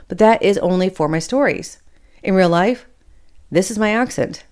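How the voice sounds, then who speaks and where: A woman's voice: mid-range voice, normal speed, darkish tone. A woman in her forties or fifties from Michigan, with a trace of Appalachian in her accent, hosting a blunt, opinionated solo commentary show where she swears casually and drifts off topic. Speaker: podcast host.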